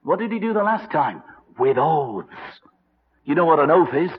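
Male preacher, animated storyteller with a higher-than-usual voice, recorded in a long-reverb, dull old radio broadcast. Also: moderate pace. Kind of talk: sermon.

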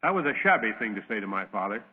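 Man putting on a grumpy young son in a parable, pitched up and louder than his preaching voice, husky, tinny radio sound with a long echo tail. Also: big pitch swings. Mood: remorseful. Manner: defiant then remorseful, drawn-out complaining. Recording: tinny old radio broadcast, long reverb.

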